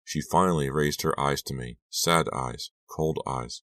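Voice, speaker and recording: A man narrating an audiobook in a measured, dramatic first-person reading. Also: extremely low pitch, fairly bright tone, no echo, clean studio sound. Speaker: audiobook reader.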